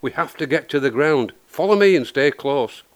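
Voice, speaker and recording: A man's voice: on the high side, lively intonation, moderate pace, lightly acted. A man voicing a level-headed male cat with a dry, exasperated manner.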